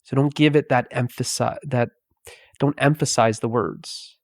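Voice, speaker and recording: A man giving a meditative spiritual talk, speaking softly with long pauses between phrases. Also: mid-range voice, fairly even intonation, dry recording, clean studio sound. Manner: slow, pausing, softly spoken. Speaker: spiritual teacher.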